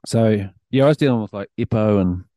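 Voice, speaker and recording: A middle-aged man with a New Zealand accent, a podcast guest telling casual stories, swearing freely and animated. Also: lowish voice, a little fast, no room sound. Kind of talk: casual storytelling.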